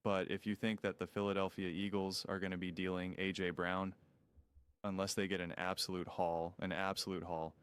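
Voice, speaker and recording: Incredulous low-voiced man ranting about sports. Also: level tone, moderate pace, smooth. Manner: incredulous, sarcastic, emphatic. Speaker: sports commentator. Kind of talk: opinionated sports talk rant.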